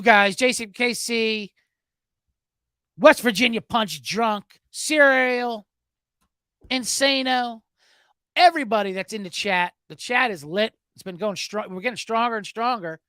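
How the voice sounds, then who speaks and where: A man's voice: sits high, bright, forceful tone, clean tone, dry recording, clean studio sound. A man hosting a sports betting podcast in loose, profane, rambling casual chat.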